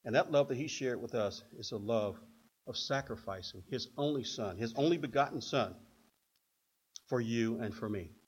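An older man preaching a sermon in an animated way, acting out stories in other voices. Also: medium pitch, moderate pace, breathy edge. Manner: animated, acts out quotes in put-on voices. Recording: dull lo-fi recording.

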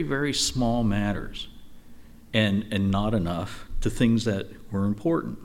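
Lively conversational man teaching Scripture. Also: medium pitch. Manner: conversational, lively, with frequent "you know" asides. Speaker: Bible teacher. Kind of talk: informal Bible study teaching.

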